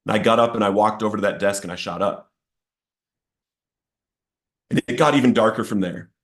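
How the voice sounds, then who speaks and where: A man's voice: fairly low pitch, a little fast. A man sharing a personal testimony of addiction and recovery, earnest and emotional, his voice rising sharply at the intense moments. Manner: earnest, emotional storytelling, rising to near-shouting at peaks. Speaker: testimony speaker.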